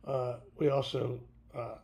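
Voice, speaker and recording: A tired man hosting a casual livestream, talking haltingly with many fillers and restarts. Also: medium pitch, little pitch movement, gravelly, darkish tone. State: tired, yawning. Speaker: podcast host.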